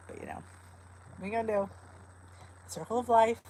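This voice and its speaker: A woman's voice: mid-range voice, brisk, mellow, a little hiss or hum, poor audio. A middle-aged woman hosting a casual live stream chat from home, greeting her viewers by name in a chatty, cooing way. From New Jersey. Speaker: host of a live weight loss chat.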